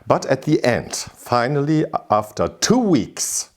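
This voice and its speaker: A man with a German accent hosting a crochet tutorial, telling his story with animated exasperation. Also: mid-range voice, slow. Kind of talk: casual tutorial talk.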